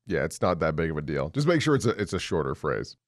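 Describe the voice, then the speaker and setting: A man's voice: rumbling low, big pitch swings, fast talker, dry recording, studio quality. A man co-hosting a podcast, chatting in an easygoing, conversational way. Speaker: podcast co-host. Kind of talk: casual chat.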